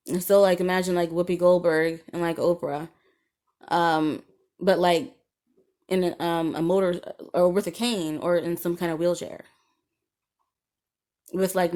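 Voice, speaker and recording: A woman's voice: lowish voice, darkish tone. A woman podcaster delivering a casual solo monologue, an indignant, rambling rant full of ums and swearing.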